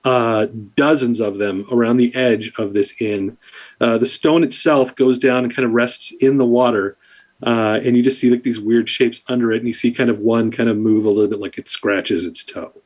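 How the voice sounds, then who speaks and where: A man's voice: medium pitch, moderate pace. Man running a tabletop game. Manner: relaxed, filler-heavy description. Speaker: game master.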